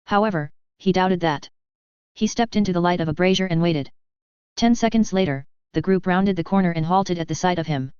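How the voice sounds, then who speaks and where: A woman narrates a story in a steady, even way. Her voice sits low and is very smooth. The recording is dry and a little dull, like lo-fi audio. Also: a little fast, no room sound. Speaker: fan fiction reader.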